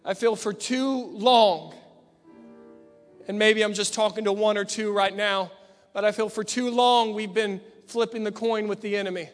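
A man preaching a fervent sermon in a church, building to shouts. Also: high-pitched, fairly even intonation, moderate pace. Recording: long church reverb with faint piano. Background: faint piano.

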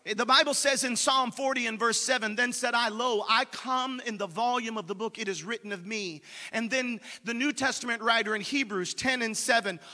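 Impassioned high-voiced preacher in a reverberant hall. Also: male voice, moderate pace, hardly any pauses. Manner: impassioned, rising to shouts. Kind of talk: Pentecostal sermon. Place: church sanctuary.

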